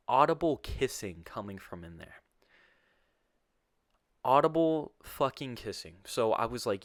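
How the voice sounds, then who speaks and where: Animated young man telling a story. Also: lowish voice, no echo, studio quality. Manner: animated, profane, mimics voices. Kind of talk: casual personal storytelling.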